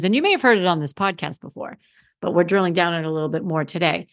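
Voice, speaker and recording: A woman's voice: on the low side, rapid-fire. A middle-aged woman hosting her own podcast as a confidence coach, talking to listeners in a conversational, emphatic way and often restarting her sentences. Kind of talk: solo podcast monologue.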